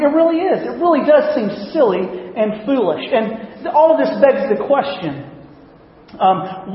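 A man giving a casual sermon to his congregation, talking in a conversational, joking way with frequent ums and you-knows. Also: very high voice. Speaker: pastor. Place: church worship gathering hall. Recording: dull, roomy hall recording.

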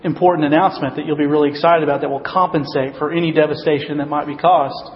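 A man preaches a casual sermon to his church, relaxed and joking, leaning on frequent ums and you-knows. His voice sits a little high. The sound is slightly dull and carries the long echo of a large room, with faint ambience behind. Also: quick pace. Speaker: pastor. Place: church worship gathering hall. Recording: dull, roomy hall recording.

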